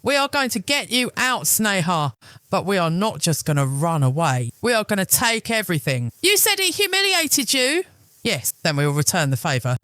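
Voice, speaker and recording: A man's voice: sits high, sing-song, moderate pace, bright, forceful tone, clear, resonant tone, dry recording, heavily acted. A man voicing a stern older diplomat father who speaks in cold, clipped commands, in an audio story. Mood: commanding. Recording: dry close studio sound.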